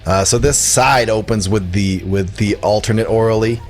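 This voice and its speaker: A man's voice: lowish voice, normal speed. A man co-hosting a music podcast in casual chat, rambling and joking as he reviews a record, laughing at his own lines, with faint music behind him.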